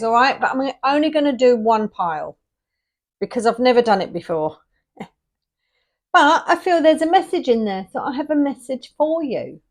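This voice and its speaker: An English tarot reader chats her way through a casual video, rambling, drifting off-topic and losing her thread. She slows down while counting out the cards, and her pitch is fairly high.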